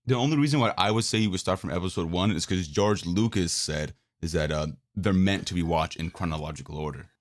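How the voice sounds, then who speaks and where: A man's voice: low-pitched, brisk, hardly any pauses, slight background noise. A young man co-hosting a casual podcast chat, laid-back and jokey, steering the conversation. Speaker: podcast co-host.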